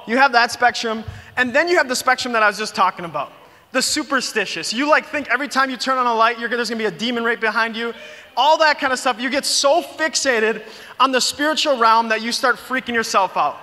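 A young man preaching to a youth group, telling stories in an animated way, full of "like" and "you guys". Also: very high voice, fairly quick. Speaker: youth pastor. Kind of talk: youth sermon. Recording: long reverb of a big hall.

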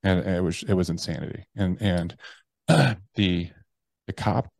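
A man's voice: deep voice, level tone, unhurried, gravelly, darkish tone, no echo. A man, an army veteran, telling a personal story in an interview, talking casually with lots of swearing and "like". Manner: casual and profane, heavy use of "like" and "bro".

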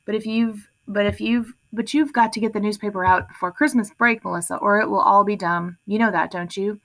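A woman's voice: mid-range voice, fairly even intonation, a little fast, fairly bright tone, lightly acted. Woman doing a snarky teen guy who mocks everything, audiobook. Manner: sarcastic, mocking. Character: sarcastic teen boy, mocking joker.

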